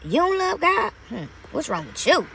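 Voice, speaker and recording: A woman's voice: sits high, sing-song, normal speed, a bit bright, a little hiss or hum. A woman talking about her faith from inside her parked car, emphatic and repetitive, calling listeners honey and baby. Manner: preachy, emphatic, repeats phrases for effect; calls viewers honey and baby. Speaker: vlogger sharing her faith. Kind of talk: casual faith talk to camera.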